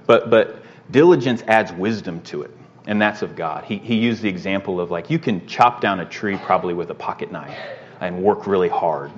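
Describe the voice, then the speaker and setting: A man's voice: low voice, normal speed, dull audio, a little hiss or hum. Man teaching a casual Bible lesson. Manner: conversational, with fillers and repeated rhetorical "right?".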